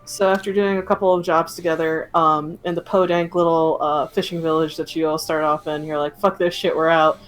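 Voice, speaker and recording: A woman's voice: deep voice, level tone, brisk, few pauses, low-quality recording. A young woman running a tabletop game as game master, chatting casually with many fillers.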